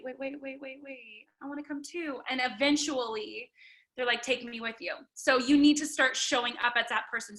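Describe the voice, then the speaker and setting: A woman's voice: fairly high pitch, sharp tone, low-quality recording. A young woman leading a motivational team call, emphatic and upbeat, with lots of "like" between her thoughts. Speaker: team leader.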